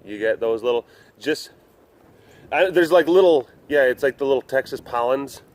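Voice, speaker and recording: A man's voice: mid-range voice, lively intonation, normal speed. A man casually talking to the camera and to big cats while walking around an animal compound, rambling and playful. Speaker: big cat facility vlogger. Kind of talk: casual walk-around commentary.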